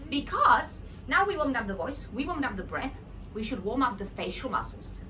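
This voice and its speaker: A woman's voice: high-pitched, sing-song, moderate pace, sharp tone, far from the mic. A woman teaching a children's drama lesson at home, coaxing and encouraging. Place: home room with her child.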